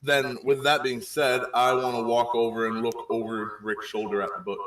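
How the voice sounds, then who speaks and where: A man's voice: medium pitch, flat delivery, moderate pace, a bit bright. Man, player, blunt, teasing, mid voice, echoey room. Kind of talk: casual chat during a tabletop game.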